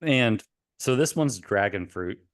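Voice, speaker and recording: A man with a fairly low voice, co-hosting a relaxed podcast. He rambles and hesitates, circling back on his words as he thinks out loud. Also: measured pace. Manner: rambling, hesitant, lots of fillers and restarts. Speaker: podcast co-host. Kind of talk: casual chat.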